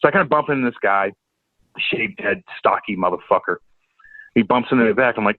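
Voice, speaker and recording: A man's voice: lowish voice, fairly quick, dry recording. A man from St. Louis, a former hockey enforcer telling stories as a podcast guest, profane and stammering with repeated words. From St. Louis, USA. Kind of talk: casual chat, storytelling. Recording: tinny phone-like line, dry.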